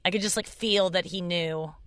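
A woman's voice: fairly even intonation, normal speed, a bit bright, clean tone, dry recording. A young adult woman hosting a podcast from her car, telling a rambling, self-mocking story in casual chat. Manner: rambling, self-mocking, jumps up high when quoting people. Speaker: podcast host and comedian.

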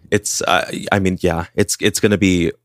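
A man's voice: low-pitched, flat delivery, normal speed, dry recording, studio quality. A man co-hosting a podcast, retelling a true-crime case in a casual, chatty way with frequent "like" fillers. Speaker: podcast co-host.

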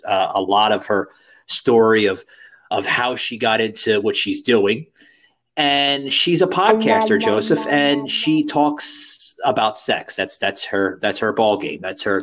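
A man's voice: fairly low pitch, a bit bright. A man hosting a podcast in casual chat, rambling and crude, with many fillers. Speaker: podcast host.

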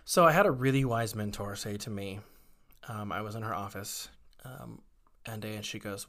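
A man's voice: fairly low pitch, normal speed, fairly bright tone. A man, a guest in an interview, candidly telling personal stories in a conversational way, with many fillers and acted-out quotes.

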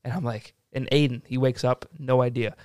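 A young man on a podcast telling a story in a lively, expletive-laden, casual way. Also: medium pitch, fairly quick, clear, resonant tone, no room sound. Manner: animated storytelling, swears freely. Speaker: podcast participant. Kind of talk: casual chat.

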